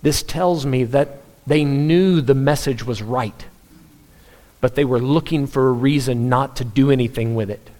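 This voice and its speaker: A man's voice: mid-range voice, unhurried, dark tone. A man preaching a sermon, earnest and emphatic, pressing his point with rhetorical questions and repetition. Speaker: pastor.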